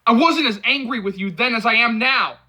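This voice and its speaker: A man voicing a protective young male friend who scolds and yells at a drunk companion. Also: extremely high pitch, brisk, pitched above the performer's own voice, heavily acted. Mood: scolding, shouting. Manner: yelling, scolding.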